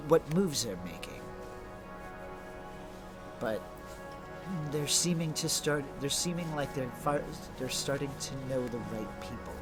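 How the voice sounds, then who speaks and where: A male game master narrates a tabletop session with a slightly raised voice. He stumbles and restarts as he goes, over clearly audible music. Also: on the high side. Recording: background music.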